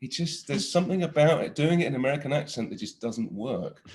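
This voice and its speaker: A man in his forties, an actor telling stories in a casual interview, animated and laughing often with many restarts. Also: mid-range voice, fast talker. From Britain.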